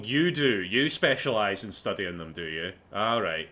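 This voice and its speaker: A man's voice: on the low side, expressive, moderate pace, few pauses, bright, forceful tone, faint music behind. A man streaming a video game, chatting casually with sarcastic jokes and swearing. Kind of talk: casual gameplay commentary.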